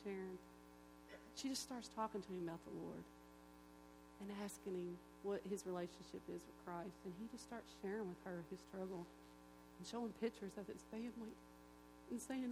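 A woman at a church gathering tells her personal testimony in an animated, emotional way, acting out the voices of the people in her story. Her voice sits at a middle pitch and carries through a hall with a long, echoing reverb and a faint hum underneath. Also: moderate pace. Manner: animated storyteller who acts out quoted voices. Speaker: guest giving a personal testimony.

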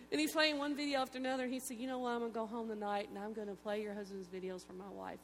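A woman giving an emotional, folksy church testimony, telling stories with animated delivery. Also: mid-range voice, fast, a little hiss or hum. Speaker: testimony speaker.

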